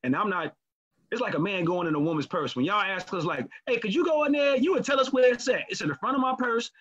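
Man, casual podcast chat, fairly high voice, candid and profane, muffled lo-fi recording. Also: fast talker. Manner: candid, profane, animated storytelling.

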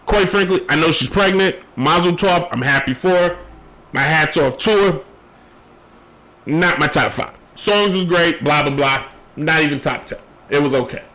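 Speaking at a moderate pace in a sharp, slightly high voice, a man hosts his own sports show with poor audio. His solo commentary is opinionated, emphatic, and rambling, with key phrases repeated. A long day has left him tired and losing his voice.

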